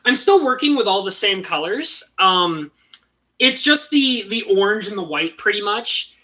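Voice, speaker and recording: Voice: medium pitch, very animated, unhurried, pushed and bright, low-quality recording. A young adult live-streamer chatting casually while painting, rambling with restarts and fillers into a computer mic.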